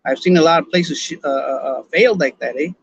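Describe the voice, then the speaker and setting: A man's voice: a little high, brisk, creaky, highs cut off, slight background noise. A man from Los Angeles with a Chicano accent, hosting a podcast in loose live-stream chat, full of slang and restarts. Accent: Chicano English. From Los Angeles, California. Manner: laid-back slangy talk, many restarts and repeated words. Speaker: podcast host.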